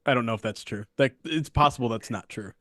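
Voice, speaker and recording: A man co-hosting a casual sports podcast, animated and laughing, swearing freely as he talks. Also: mid-range voice, fast talker, no room sound, studio quality. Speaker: podcast co-host.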